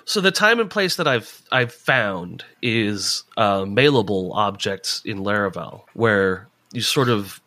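A man with a stuffy, monotone sinus voice rambles through a casual podcast chat. His low voice sounds bright and pointed, and the recording is dry and close. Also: takes it slowly, few pauses, no echo. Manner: rambling, with many restarts. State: head cold. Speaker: podcast co-host.

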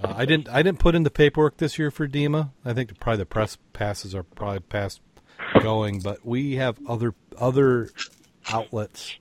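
A man hosting a casual podcast chat, talking in halting stops and restarts and repeating his words as he tells corny jokes. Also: medium pitch, a little hiss or hum. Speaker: podcast host.

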